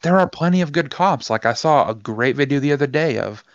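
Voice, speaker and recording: A man co-hosting a casual podcast, telling animated stories and acting out the back-and-forth of the people in them. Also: on the high side, fairly quick, dry recording. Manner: animated storyteller, acts out quoted exchanges. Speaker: podcast co-host. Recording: dull lo-fi sound, dry.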